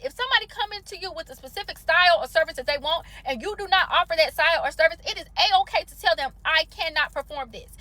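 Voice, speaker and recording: A woman in a casual storytime vlog, talking quickly in a high, bright voice. Her delivery is animated and slangy, full of exasperation. The sound is dry and close. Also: no echo. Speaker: salon customer telling a story.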